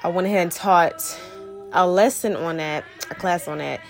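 A woman's voice: lowish voice, moderate pace, creaky, faint music behind. A young woman talking loosely and casually to her followers, using lots of slang and fillers, slightly out of breath. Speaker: Vodou practitioner and spiritual mentor. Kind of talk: casual vlog talk to viewers.

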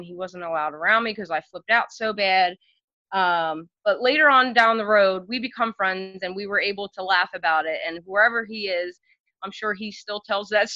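This podcast guest is a woman whose medium-pitched voice sounds pushed and bright, recorded dry and a little dull in lo-fi quality, with no echo. She chats her way through casual stories, filling them with fillers.

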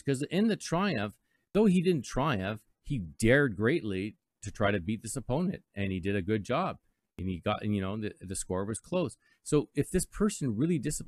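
Low-voiced radio host, rambling. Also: male voice, creaky, darkish tone, no echo. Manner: rambling, reflective, with playful mock voices. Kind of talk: casual live radio talk. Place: radio studio.

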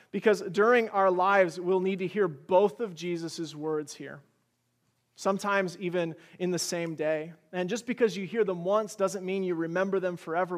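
A man preaching a sermon as pastor, earnest and pleading, asking one rhetorical question after another and sharing gentle personal stories. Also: high-pitched.

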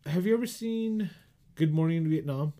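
A man casually chatting as a podcast co-host, retelling movie scenes in a loose, animated way, with lots of "like" fillers. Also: fairly high pitch, normal speed. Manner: animated retelling, acts out quoted lines. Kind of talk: casual chat.

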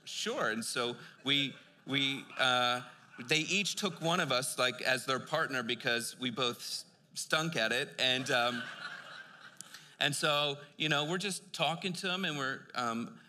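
Older male pastor, bright voice, echoing hall. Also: medium pitch, unhurried, a little hiss or hum. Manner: conversational storytelling with frequent fillers. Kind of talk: sermon with personal story. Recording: long hall reverb.

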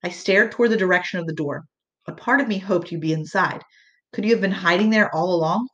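A woman's voice: lowish voice, a little fast, fairly bright tone. Woman narrating an audiobook, lo-fi.

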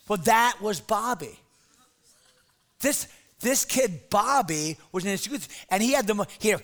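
A middle-aged man preaching as a pastor, telling a comic story to teenagers with lively, shouted bits. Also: very high-pitched, normal speed, pauses often. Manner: animated storyteller, shouts put-on voices. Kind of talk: comic sermon to teens.

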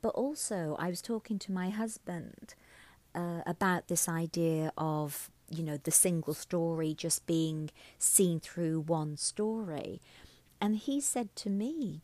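Expressive woman telling a folk tale. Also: lowish voice, takes it slowly, no room sound. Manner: expressive, reflective, uses fillers. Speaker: storyteller. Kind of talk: oral folk-tale storytelling.

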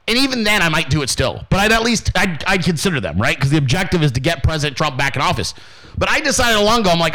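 A man's voice: sits high, very animated, fast, sharp tone, low-quality recording. A man hosting his own show, ranting in a brash, profane way and acting out the voices of people he quotes. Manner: brash, swearing constantly, acts out quoted voices. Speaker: podcast host. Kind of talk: profane motivational rant.

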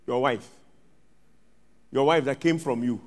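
A man preaching a sermon as pastor, swinging from loud outbursts to hushed asides and acting out little scenes. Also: medium pitch, a little slow. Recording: long reverb of a large hall.

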